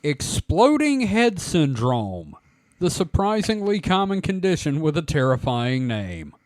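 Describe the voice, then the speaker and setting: A man hosting a podcast with a fairly high, lively voice that swings up and down as he jokes and reads. The sound is dry and close to the mic. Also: measured pace, dry recording. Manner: joking, laughs often, animated reading. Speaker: podcast host. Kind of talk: casual chat, reading an article aloud.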